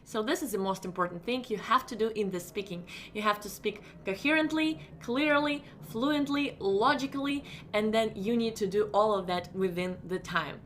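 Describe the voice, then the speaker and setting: A woman teaching an online test-prep lesson in English that is not her first language, with small slips. She talks emphatically, repeats her reassurances and jumps up in pitch on key words. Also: normal speed, hardly any pauses, a bit bright, slight background noise. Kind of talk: recorded lesson, explaining to students.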